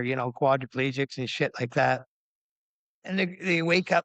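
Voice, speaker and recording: A man in his fifties telling his story as a podcast guest, animated, acting out quoted voices with big jumps in pitch and swearing freely. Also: normal speed, dry recording. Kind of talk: candid storytelling interview.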